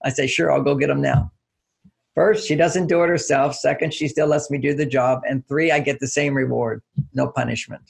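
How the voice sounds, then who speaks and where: Speaking fairly quickly with fairly even intonation, an older man in a casual interview explains relationships as an author would, drawing on daily-life examples. His medium-pitched voice is creaky and husky, and he lifts it to perform little quotes.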